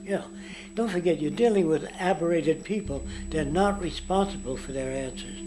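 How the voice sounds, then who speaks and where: A man's voice: on the high side, normal speed. Emphatic lecturing man. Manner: emphatic, lecturing, mimics others. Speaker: interviewee. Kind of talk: impassioned monologue.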